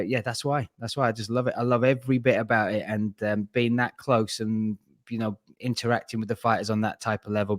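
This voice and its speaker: A man's voice: lowish voice, no room sound, clean studio sound. Laughing man in casual banter. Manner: laughing, self-mocking banter. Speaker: podcast guest, MMA presenter. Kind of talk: casual chat. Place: small home office room. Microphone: video call.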